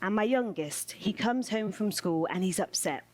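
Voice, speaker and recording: A woman's voice: mid-range voice, lively intonation, darkish tone. Woman performing spoken word. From United Kingdom. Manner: measured, rhythmic delivery with repeated refrains.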